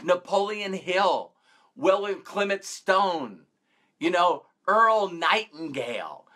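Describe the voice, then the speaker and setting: Animated high-voiced motivational man. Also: slow. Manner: emphatic, acts out his own past reactions. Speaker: motivational coach. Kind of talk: motivational talk to camera.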